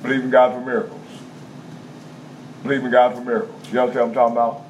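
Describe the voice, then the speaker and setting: A man's voice: mid-range voice, little pitch movement, fast talker, a little hiss or hum. A male preacher, preaching a folksy, repetitive sermon in a prison chapel that builds to emphatic bursts. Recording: dull lo-fi recording, faint room ambience.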